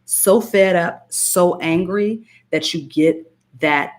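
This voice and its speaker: Low-voiced woman coaching a live stream. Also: slow pace. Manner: emphatic, repeats phrases, greets chatters by name. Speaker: spiritual coach and hypnotist. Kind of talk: live-stream talk to viewers.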